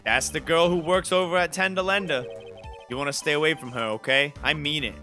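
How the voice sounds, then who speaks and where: A man doing a gruff streetwise cop. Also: on the high side, steady tone, a little fast, pushed and bright, faint music behind. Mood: gruff warning. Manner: blunt, folksy, calls people pal. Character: gruff streetwise male police detective.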